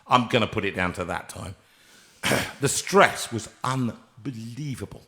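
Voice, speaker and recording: A man hosting a live stream, telling a comic story with animated, acted-out voices. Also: on the low side, measured pace. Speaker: host and singer.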